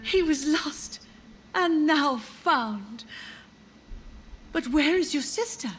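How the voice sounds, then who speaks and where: A woman playing an elderly mother in a video game, soft-spoken, wistful and drifting in her thoughts. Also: high voice, expressive, slow pace, a little hiss or hum, full character voice. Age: older. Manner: soft, wandering, wistful delivery. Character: elderly grieving mother, gentle but confused. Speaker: game character. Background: game music.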